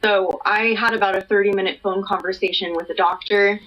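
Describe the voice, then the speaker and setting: A woman's voice: mid-range voice, fairly even intonation, a little fast. A woman giving a matter-of-fact personal account in a played-back clip. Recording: dull lo-fi clip audio.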